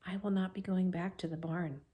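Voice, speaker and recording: Woman doing a soft, calm spider lady. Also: fairly quick, lightly acted. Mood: gentle. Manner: soft, low and steady. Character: dying female spider, calm and gentle.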